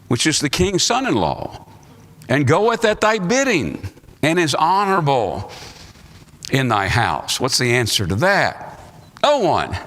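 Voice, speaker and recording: A man's voice: medium pitch, bright, forceful tone. An American man, a pastor, reading scripture aloud and preaching a Sunday school sermon, his voice swinging up for emphasis. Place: church sanctuary. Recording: live church recording with long reverb.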